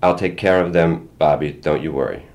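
A man voicing a firm, protective working mother who stays steady and calm, speaking gently to her children. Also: a bass voice, a little fast. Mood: gentle.

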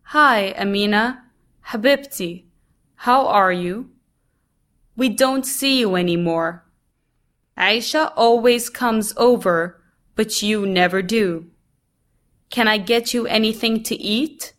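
Woman doing a fussy older grandma, higher and louder than her reading voice, slow. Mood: doting. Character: busy doting older grandmother.

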